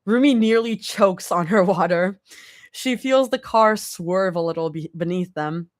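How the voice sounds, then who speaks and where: A woman's voice: on the low side, measured pace, dry recording, studio quality. A young woman reading fanfiction aloud live, casual and reacting as she goes. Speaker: fanfic reader.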